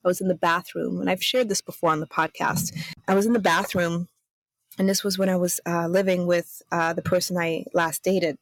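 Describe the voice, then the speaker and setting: A woman's voice: on the low side, no room sound. A young woman hosting a podcast, telling a personal story in a candid, chatty way, with a skeptical, self-aware tone. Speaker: podcast host.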